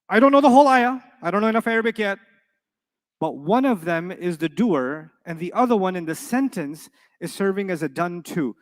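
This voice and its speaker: A high-voiced man teaches Arabic grammar to a class, keeping things animated and fun by quizzing students with quick-fire questions.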